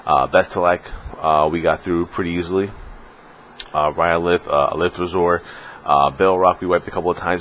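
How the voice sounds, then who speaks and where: A man talking casually on his late-night gaming vlog, rambling and excitable, full of fillers. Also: low-pitched, moderate pace, a little hiss or hum. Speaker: gaming vlogger. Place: home room in California.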